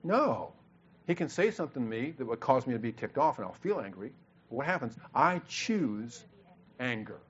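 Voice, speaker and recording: A man's voice: mid-range voice, big pitch swings, normal speed, slightly rough. A man co-hosting a marriage seminar, teaching earnestly with stammered restarts and repetition. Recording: dull lo-fi recording.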